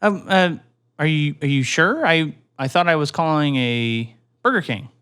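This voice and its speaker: A man's voice: a little high, normal speed, a bit bright, smooth, natural voice. A man playing a confused, pushy male customer calling to order food, stammering and insisting. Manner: hesitant, stammering, stubborn.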